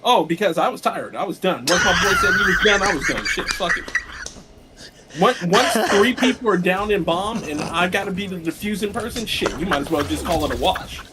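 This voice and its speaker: A man's voice: sits high, expressive, fairly quick, heavy background noise. A man in a casual gaming chat, talking bluntly and swearing freely. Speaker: streaming show co-host.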